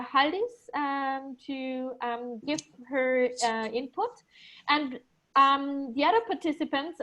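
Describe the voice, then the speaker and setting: A woman's voice: high-pitched, fairly bright tone, low-quality recording. A woman moderating an online webinar, introducing the speakers with frequent ums and small slips. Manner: many ums and uhs, reads bios with small slips.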